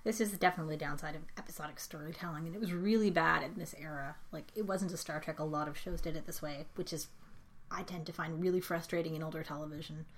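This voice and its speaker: A woman's voice: deep voice, fairly even intonation, quick pace. A woman co-hosting a casual chat podcast, recapping the plot and adding facts in a matter-of-fact way. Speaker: podcast co-host.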